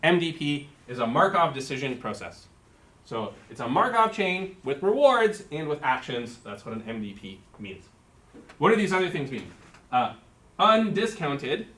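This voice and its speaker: A man's voice: on the high side, very animated, normal speed, fairly bright tone. Guy lecturing a class, walks through each term, lots of uhs and restarts. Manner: explains terms step by step, thinking aloud with fillers. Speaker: university lecturer. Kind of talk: live-coded lecture.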